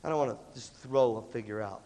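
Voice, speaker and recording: A man giving an animated live motivational talk to students, often coughing and acting out voices. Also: mid-range voice, quick pace. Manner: animated, acts out quoted voices, coughs between phrases. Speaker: motivational leadership speaker. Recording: reverberant hall recording, faint background noise.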